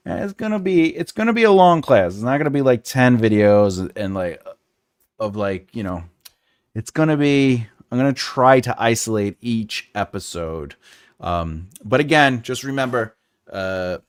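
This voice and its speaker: A man's voice: fairly low pitch, no echo, studio quality. A man hosting a casual livestream as a writing teacher, chatty and jokey, chuckling often and greeting viewers by name.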